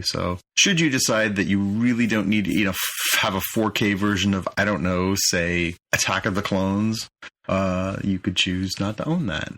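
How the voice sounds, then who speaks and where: A man's voice: on the low side, a little fast, bright, forceful tone. A man co-hosting a podcast in casual chat, dry in manner and reading out bits of news articles. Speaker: podcast co-host.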